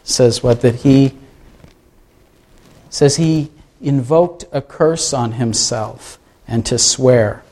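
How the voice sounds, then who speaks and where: A man's voice: mid-range voice, slow pace, pauses often, darkish tone. A man preaching a sermon in a conversational way, asking his listeners rhetorical questions. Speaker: pastor.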